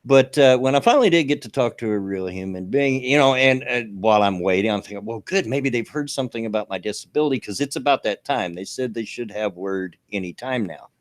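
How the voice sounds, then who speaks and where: A man's voice: fairly low pitch, animated, brisk, few pauses. An older man co-hosting a casual online radio chat, folksy and rambling with many fillers. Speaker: co-host.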